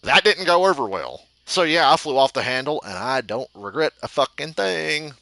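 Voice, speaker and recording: Bright, profane young man telling stories. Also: on the high side, big pitch swings, moderate pace, gravelly, slight background noise. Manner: profane, rambling, bursts into shouts. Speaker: gaming channel host. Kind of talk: gameplay commentary and storytelling.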